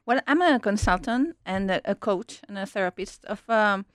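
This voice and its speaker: A woman's voice: medium pitch, animated, moderate pace, fairly bright tone, no echo, clean studio sound. A woman, a guest on a radio show, chatting effusively in hesitant English with many fillers. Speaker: guest, coach and therapist. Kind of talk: casual interview chat. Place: radio studio.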